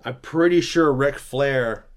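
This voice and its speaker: A man's voice: medium pitch, slow pace. A man co-hosting a podcast, telling folklore tales in a chatty, casual way with rambling tangents. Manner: chatty, half-remembered tangents. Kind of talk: casual storytelling from notes.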